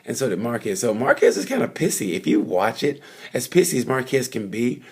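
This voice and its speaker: Husky, rambling motorcycle-fan man. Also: medium pitch, very animated, a little fast, darkish tone. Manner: rambling, chatty, full of fillers and asides. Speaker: vlogger reviewing motorcycle races. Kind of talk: casual off-the-cuff race recap. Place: at the race circuit.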